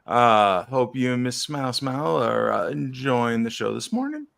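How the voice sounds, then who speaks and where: A man's voice: medium pitch, very animated, normal speed, gravelly, fairly bright tone. A man co-hosting a casual coin live stream, greeting viewers in the chat and losing his voice. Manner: greets chat viewers, brief friendly replies. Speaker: co-host.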